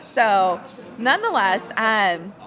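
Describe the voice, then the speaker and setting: In a casual interview, a woman who sells luxury homes recounts stories with animation, performing the quotes. Her voice sits at medium pitch and she speaks slowly. A crowd can be heard behind her.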